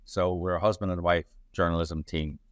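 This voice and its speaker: A man's voice: low-pitched, steady tone, moderate pace, no echo. A man, a journalist answering interview questions in a rambling way, full of restarts and fillers. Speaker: journalist and playwright.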